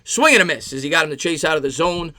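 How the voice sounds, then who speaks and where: Bright, high-voiced New man streaming. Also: quick pace. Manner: animated, chatty, reads out viewer comments between pitches. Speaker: live-stream sports host. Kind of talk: casual play-by-play live stream.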